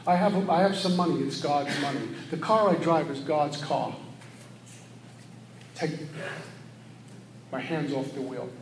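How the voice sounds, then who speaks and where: A middle-aged man giving an earnest, preachy share at a recovery meeting, often acting out his own thoughts in quick asides. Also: fairly high pitch, a little hiss or hum. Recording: echoey room with faint ambience.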